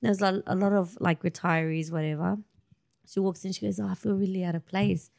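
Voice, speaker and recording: A woman co-hosting, telling a story in relaxed casual chat. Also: fairly low pitch, fairly quick, vocal fry. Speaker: guest host.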